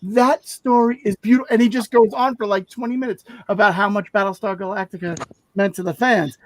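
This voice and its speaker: A man co-hosting a podcast, telling a long personal story in a casual, animated way and acting out the people he quotes. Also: fairly quick, rough recording. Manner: animated, acts out quotes with raised pitch. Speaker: podcast co-host.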